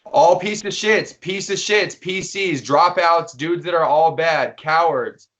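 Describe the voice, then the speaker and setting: A man's voice: fairly high pitch, slow pace, a bit bright. A man co-hosting a podcast, cutting in to explain things to listeners in an emphatic, profane way. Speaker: podcast co-host. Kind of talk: casual explanatory chat. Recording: dull lo-fi recording.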